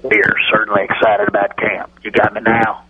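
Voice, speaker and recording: A man's voice: lowish voice, completely flat delivery, a little fast, phone-quality sound, crowd noise, lightly acted. A man voicing a pompous, folksy older football team owner who talks in a hesitant, self-important way full of filler sounds. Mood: boastful. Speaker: impression on a radio comedy bit.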